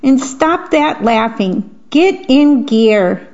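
A woman reading a picture book voices a bossy, hurried parent handing out chores in a brisk, commanding way. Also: sits high, lively intonation, darkish tone, heavily acted. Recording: dull lo-fi recording.

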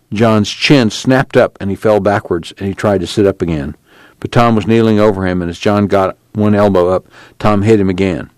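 A man narrating a novel aloud, with a slow folksy drawl in the dialogue. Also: low voice, darkish tone, no echo. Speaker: audiobook narrator. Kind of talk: scripted narration with acted dialogue.

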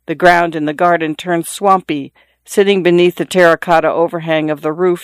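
A man's voice: on the high side, clean tone, no room sound. Man reading a novel aloud. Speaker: narrator. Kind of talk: audiobook narration.

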